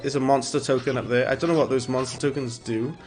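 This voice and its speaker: Male streamer, mid-pitched, casual rambling play-by-play, chuckles at own jokes, faint game music behind. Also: steady tone, fast. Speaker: gaming streamer. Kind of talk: casual gameplay commentary.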